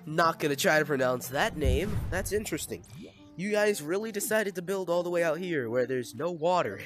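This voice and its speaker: A man's voice: a little high, animated, normal speed, over music. Playful man scolding game villagers. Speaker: gameplay commentator. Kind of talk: casual gameplay commentary.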